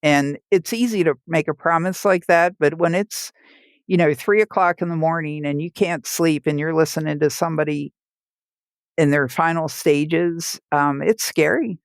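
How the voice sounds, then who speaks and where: A woman recounting her hospice nursing stories for a podcast, vivid and expressive, often laughing through the telling. Her voice is recorded close and dry, with no room sound around it. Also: deep voice, normal speed, dry recording. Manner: vivid storyteller who laughs while telling and acts out the people she quotes. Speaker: hospice nurse. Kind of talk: personal storytelling in a podcast interview.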